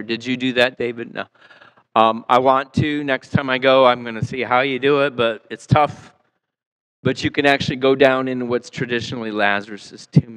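A male pastor preaching a sermon in a church, acting out quotes and swinging between loud and soft. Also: mid-range voice, clean tone, low-quality recording. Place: church sanctuary.

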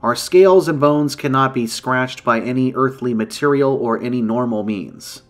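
A man's voice: medium pitch, soft background music, natural voice. A man voicing a solemn ancient dragon woman. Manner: solemn, measured, formal speech. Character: ancient grave female dragon in human form. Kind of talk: storytelling.

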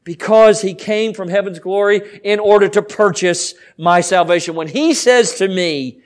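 A Southern American pastor preaching a fervent sermon in a church, swinging from quiet pleading to shouting. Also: male voice, high-pitched, measured pace, few pauses. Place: church sanctuary.

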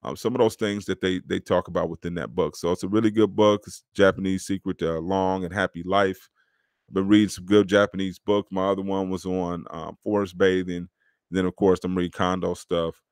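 A low-voiced man hosts his own podcast, talking in a loose, slangy, preachy way. His voice sits close and dry, with no room sound around it. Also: level tone, fairly quick, darkish tone, smooth, dry recording. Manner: casual, preachy, slangy, addresses listeners as dog. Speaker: podcast host. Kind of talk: motivational podcast monologue.

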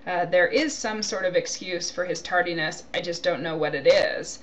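A woman's voice: lowish voice, moderate pace. A woman giving a recorded grammar lecture, explaining points through spoken example sentences and checking in with "okay?". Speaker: grammar teacher.

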